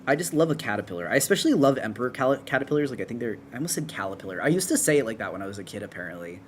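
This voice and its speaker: Man, streamer, casual chat while drawing, rambling, self-correcting, medium pitch. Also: sing-song, very fast, a little hiss or hum. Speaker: streamer and artist.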